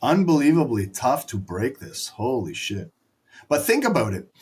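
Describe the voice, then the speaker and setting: Excitable man calling trades live. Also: mid-range voice, normal speed, slightly rough. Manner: excitable, profane, jokey play-by-play. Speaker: live trading stream host. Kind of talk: live market commentary.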